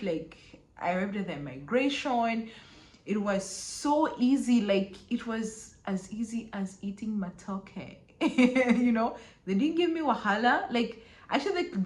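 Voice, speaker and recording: A young woman chatting casually through a travel vlog, full of fillers and quick laughs. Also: mid-range voice. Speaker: travel vlogger. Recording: echoey room.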